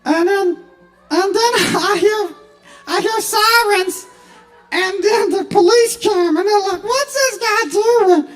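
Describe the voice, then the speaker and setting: A man putting on a squeaky, helium-voiced guy with a drawl who rambles and pleads. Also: takes it slowly, a bit bright, faint music behind, heavily acted. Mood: whining.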